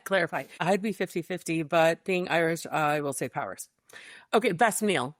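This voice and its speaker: A woman co-hosting a podcast in casual chat, chatty and quick to laugh, with a dry close sound. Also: fairly low pitch, lively intonation, dry recording. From Michigan, USA. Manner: chatty, laughs often, quick-fire questions. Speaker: podcast co-host.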